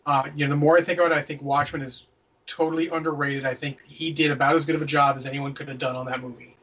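A man's voice: on the high side, flat delivery, fast talker, fairly bright tone, distant mic, highs cut off. A man co-hosting a casual movie review podcast, opinionated and ranting, swearing freely. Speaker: podcast co-host.

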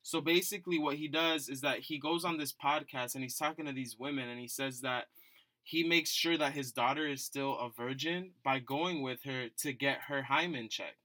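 A man's voice: mid-range voice, moderate pace, bright, forceful tone. A man co-hosting a casual podcast, talking in a laid-back, rambling way. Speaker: podcast co-host.

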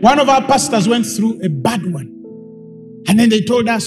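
A man preaches a sermon to a room full of people. His voice is strikingly high and very lively, and he builds emphatically into shouted, repeated lines. Music plays clearly behind him. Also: normal speed. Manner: emphatic, rising to shouts, repetitive. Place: church hall with congregation.

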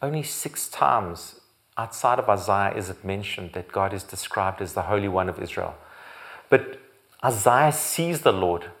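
A man's voice: on the low side, expressive, unhurried, vocal fry. Emphatic preacher, man. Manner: emphatic preaching, swelling louder on repeated phrases; occasional restarts and self-corrections. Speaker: pastor. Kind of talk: sermon.

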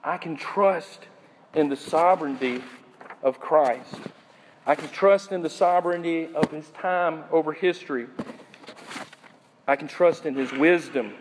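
Male pastor, higher voice, emphatic sermon delivery, long hall reverb. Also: slight background noise. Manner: preaching with slow emphatic phrases and questions to the congregation.

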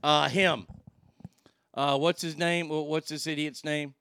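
A man's voice: a little high, little pitch movement, a little slow, clean tone, no room sound. A man hosting a radio show, ranting angrily and swearing, feeling sick after being up all night. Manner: profane, ranting, shouting in outbursts. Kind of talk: angry talk radio rant. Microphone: broadcast board mic.

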